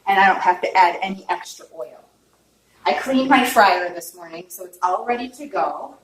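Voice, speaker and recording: A home cook with a mid-range, lively voice gives a casual cooking demo in her kitchen at a moderate pace. She's chatty and openly emotional, often checking in with viewers, while the distant mic picks up an echoey room and faint noise.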